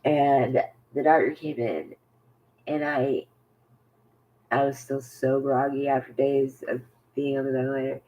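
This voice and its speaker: A man telling a personal story to camera in a halting, rambling way, full of fillers and restarts, often sinking to a near whisper. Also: medium pitch, fairly even intonation, warm tone, muffled recording. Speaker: vlogger.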